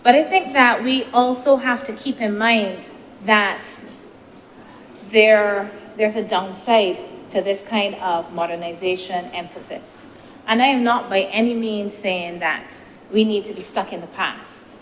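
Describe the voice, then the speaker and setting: A woman senator giving a measured, deliberative parliamentary speech, posing rhetorical questions, into a desk microphone in a legislative chamber. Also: medium pitch. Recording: reverberant chamber with faint noise.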